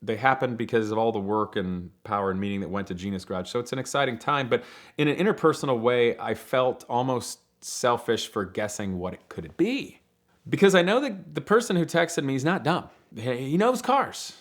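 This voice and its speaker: A man casually telling a long personal story, animated, acting out other people's lines and laughing often. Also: medium pitch. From Ohio, United States. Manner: animated, acts out quoted voices, laughs often. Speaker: storyteller, program leader.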